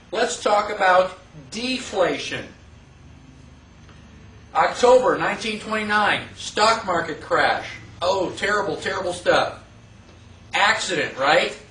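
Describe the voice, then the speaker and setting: A man teaching a live class in a casual, conversational way, asking the room rhetorical questions and acting out quick mock quotes. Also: high-pitched, pushed and bright, a little hiss or hum. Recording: echoey room from far off.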